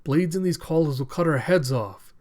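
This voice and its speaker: A man voicing a brash, cheerful young pirate hero in a manga recap, talking loud and quick. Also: a little high, expressive, voice pushed up, lightly acted. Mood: excited.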